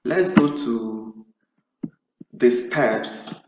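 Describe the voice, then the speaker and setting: A man's voice: mid-range voice, drawn-out words, noisy background. A man tutoring nurses for an English speaking exam, explaining step by step and often restarting his phrases. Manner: explanatory, acts out sample nurse-patient dialogue. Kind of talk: spoken lesson. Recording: roomy, distant, dull sound.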